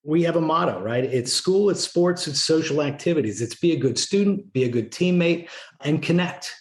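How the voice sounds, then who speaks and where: A man's voice: a little high, normal speed, roomy sound. A middle-aged man, a former Navy SEAL, telling stories in a casual interview. He leans on "right?" and "you know" as he talks. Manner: animated storyteller, frequent "right?" and "you know". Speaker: podcast guest, former Navy SEAL leader.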